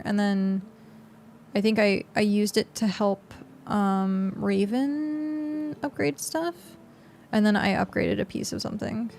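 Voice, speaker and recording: Young woman, game streamer, loose rambling chat, slight vocal fry. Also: medium pitch, a little mellow. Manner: chatty, rambling, lots of fillers. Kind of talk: casual gameplay commentary.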